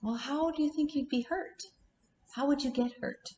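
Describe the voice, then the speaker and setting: A woman quoting a soft-spoken calm counselor. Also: sits high, moderate pace, roomy sound, close to an everyday voice. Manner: soft, probing questions. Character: calm gentle female counselor.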